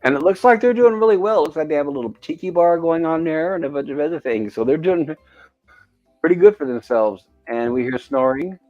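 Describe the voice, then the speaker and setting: A man's voice: on the high side, lively intonation, a little fast, highs cut off, soft background music. A man hosting a casual commentary on an old TV episode, describing the scenes and reading quoted lines aloud. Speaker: show host.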